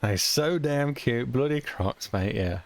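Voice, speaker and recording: Chatting loosely during a game stream, a young British man laughs often and drops the odd mild curse as he rambles. His medium-pitched voice is animated yet unhurried, with some vocal fry.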